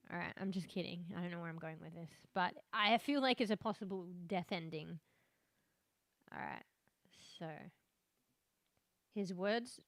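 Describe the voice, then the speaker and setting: A woman's voice: a little high, a bit bright, no room sound, studio quality. A woman streaming a horror game, chatting casually with lots of swearing, laughing as she talks. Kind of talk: casual live-stream commentary.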